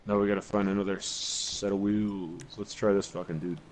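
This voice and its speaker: A man's voice: on the low side, flat delivery, normal speed, rough recording. A man in his forties co-hosting a casual gaming podcast, telling long stories with constant swearing and many restarts. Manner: profane, rambling storyteller. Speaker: podcast co-host. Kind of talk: casual chat while gaming.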